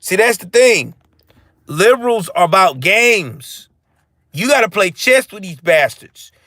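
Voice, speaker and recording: High voiced guy ranting live and cussing, talking back to chat, dry sound. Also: a little slow, no echo. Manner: profane, animated, answers chat. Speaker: live-stream host. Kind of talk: ranting political commentary.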